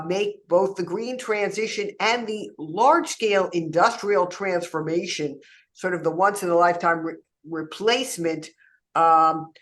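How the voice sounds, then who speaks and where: A woman moderating a webinar panel who introduces speakers hesitantly, with many fillers between phrases. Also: on the low side.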